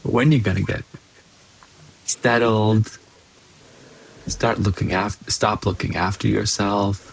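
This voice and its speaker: A man's voice: fairly low pitch, steady tone, slow pace, gravelly, pauses often, low-quality recording. A man co-hosting a podcast, chatting casually and teasing playfully. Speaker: podcast co-host. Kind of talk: casual chat.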